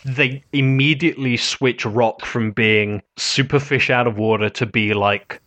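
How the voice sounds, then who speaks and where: A man in casual podcast chat, gushing about a show with easy enthusiasm. His voice sits at an ordinary middle pitch, and he laughs and swears freely as he goes. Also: steady tone, unhurried, sharp tone. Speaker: podcast co-host. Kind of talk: casual anime review chat.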